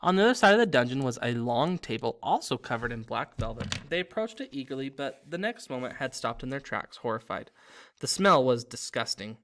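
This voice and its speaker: A man reading a story aloud in a steady narrating voice, with small slips and restarts. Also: medium pitch, brisk. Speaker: reader.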